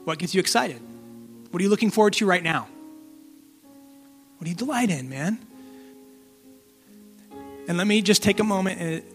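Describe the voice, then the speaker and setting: A man in his thirties preaching a sermon in a casual, conversational way, asking the congregation direct questions and pausing to let them reflect. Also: sits high, lively intonation, faint music behind. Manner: conversational, direct, asks questions, pauses to let listeners think. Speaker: pastor.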